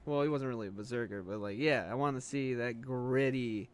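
Joking male co-host, mid-pitched, relaxed banter. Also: fairly quick, clear, resonant tone. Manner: joking, teasing. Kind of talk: casual podcast chat.

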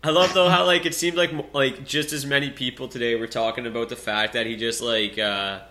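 A man's voice: mid-range voice, fairly even intonation, fairly quick, sharp tone. A man hosting a casual hockey podcast, chatting loosely with laughs and fillers. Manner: laughs easily, many fillers. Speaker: podcast host.

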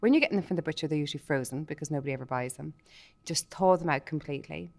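Low-voiced chatty woman guest. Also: racing, creaky, a little mellow. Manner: enthusiastic, talks through a recipe step by step; chatty with many restarts. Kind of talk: casual chat.

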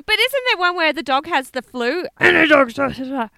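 A woman's voice: high voice, lively intonation, moderate pace, creaky, pushed and bright. A woman co-hosting a podcast, reacting expressively to a story with gasps and jokes. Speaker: podcast co-host. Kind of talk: casual chat, reacting.

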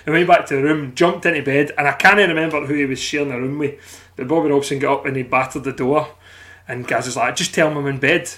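A man with a high voice hosting a casual fan podcast. He tells his stories with energy, swears often and acts out the people in them. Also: steady tone, fast, a bit bright. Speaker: podcast host.

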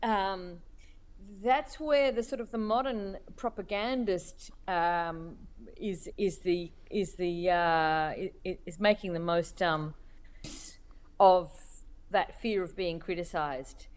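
A woman cartoonist being interviewed, speaking thoughtfully with many pauses, fillers and restarts. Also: lowish voice, steady tone. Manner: hesitant, many restarts and fillers, laughs while telling stories.

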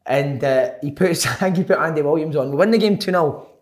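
A man, a former footballer telling animated stories in casual chat, laughing often and acting out quotes. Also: fairly high pitch, fairly quick. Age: 20s at the time, now older.

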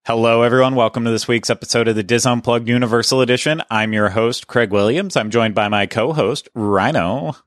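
A man's voice: mid-range voice, brisk, few pauses, no room sound, clean studio sound. A man hosting a casual podcast, chatting in a conversational way and often correcting himself mid-sentence. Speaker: podcast host.

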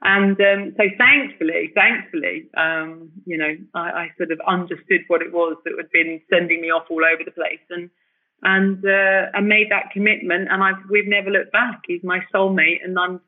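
A woman telling her story as an interview guest, animated and emotional, often restarting her sentences. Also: fairly low pitch, moderate pace. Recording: tinny phone-like line.

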